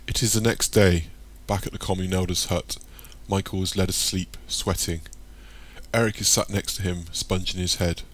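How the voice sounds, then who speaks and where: A man narrating an audiobook in a plain, steady reading voice. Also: low voice, normal speed. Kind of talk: scripted narration.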